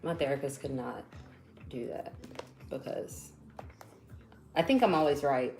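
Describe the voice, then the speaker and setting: A woman's voice: rumbling low, lively intonation, a little slow, creaky, darkish tone, roomy sound, faint music behind, poor audio. A woman co-hosting a podcast in casual chat, blunt and playful, often laughing. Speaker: podcast co-host.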